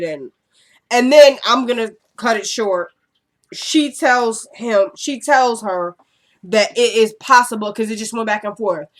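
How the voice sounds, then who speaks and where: A woman's voice: a little high, measured pace. A woman recapping a TV drama episode in a casual, chatty way, acting out the characters' lines while she has a cold. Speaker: TV recap vlogger. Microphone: camera.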